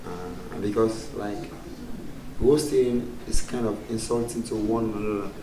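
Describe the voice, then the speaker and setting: A man's voice: on the low side, steady tone, unhurried. A man, a comedian chatting casually in an interview, laughing often. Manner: laughs often, broken pidgin-tinged phrasing. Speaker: comedian guest. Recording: roomy sound from far off, faint background noise.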